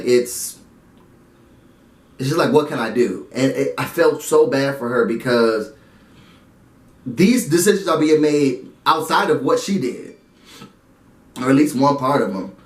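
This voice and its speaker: A man casually recapping and reviewing a show episode, animated and chatty with frequent laughs. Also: medium pitch, roomy sound.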